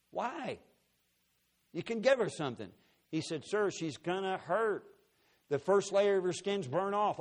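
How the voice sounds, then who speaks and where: A middle-aged male preacher telling a personal story in a sermon, acting out the dialogue dramatically. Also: fairly high pitch.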